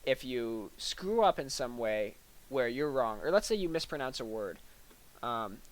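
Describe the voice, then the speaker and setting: This is a low-quality recording of a young man's mid-range voice. He parodies a lecture with deadpan, mock-serious delivery, stumbling through fillers and pausing for tiny acted-out asides.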